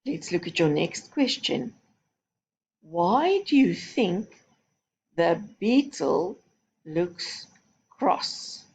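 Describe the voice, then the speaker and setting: A woman's voice: lowish voice, big pitch swings, drawn-out words, pauses often, a little mellow, breathy edge. A woman teaching a recorded phonics lesson to young children, giving patient, step-by-step instructions. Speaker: primary school teacher.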